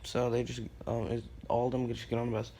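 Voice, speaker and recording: A man's voice: medium pitch, completely flat delivery, fast, vocal fry, mellow, a little hiss or hum. A man casually improvising a fan story, rambling with lots of fillers and restarts.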